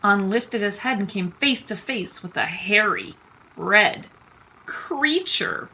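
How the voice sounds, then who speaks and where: A woman teacher reading a children's picture book aloud, expressive and unhurried. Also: mid-range voice, a little hiss or hum, rough recording. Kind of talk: storytime read-aloud.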